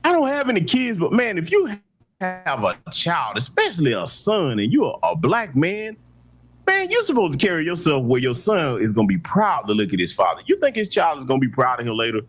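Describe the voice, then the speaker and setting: A man's voice: fairly high pitch, huge pitch swings, fairly quick, fairly bright tone. A man hosting a political commentary show, talking back at clips in a mocking, preachy way.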